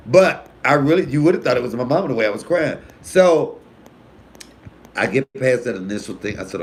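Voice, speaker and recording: A comedian from Detroit telling stories casually and profanely in a live video, swinging between loud bursts and hushed asides. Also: male voice, medium pitch, very animated, a little fast. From Detroit, USA. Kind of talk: casual live-stream storytelling.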